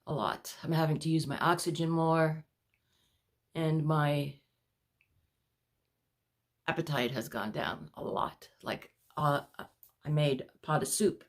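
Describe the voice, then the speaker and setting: A woman's voice: low-pitched, fairly even intonation, slow, pauses often. A woman vlogging from home, out of breath, rambling and apologetic as she chats to her viewers. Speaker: vlogger showing her paintings. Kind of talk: casual chat to camera.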